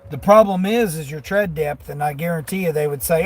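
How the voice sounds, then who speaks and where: A man's voice: on the high side, a little fast. Folksy man chatting live from his car. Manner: folksy, rambling, chuckles often. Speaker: delivery driver livestreaming to chat. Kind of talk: casual live-stream chat. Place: inside his vehicle.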